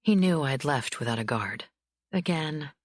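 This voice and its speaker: A woman's voice: animated, unhurried, no room sound, studio quality. A woman narrating a romance audiobook in the first person. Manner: low, husky first-person reading. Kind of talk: scripted narration.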